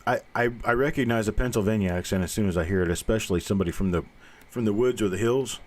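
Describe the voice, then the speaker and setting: An older man with a somewhat low voice hosts a live stream in a loose, folksy chat. He rambles from one story to the next and drops a corny joke now and then. He talks plainly and reassuringly to his viewers. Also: quick pace. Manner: folksy, rambling storyteller who cracks jokes. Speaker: host of a live coin roll hunting show.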